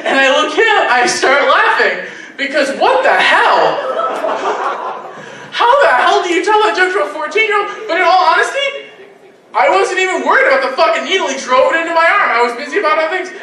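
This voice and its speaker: A man's voice: very high-pitched, expressive, brisk, noisy background. A man doing a crude, self-deprecating amateur stand-up set at a convention. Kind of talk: live stand-up comedy. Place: convention stage. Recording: echoey room from far off.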